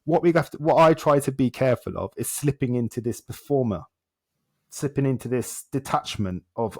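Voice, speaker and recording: A self-development coach, a man appearing as a guest on a podcast interview, tells stories animatedly and acts out dialogue in short repeated phrases. His voice is medium in pitch, slightly mellow with a breathy edge, and his intonation is lively at a moderate pace.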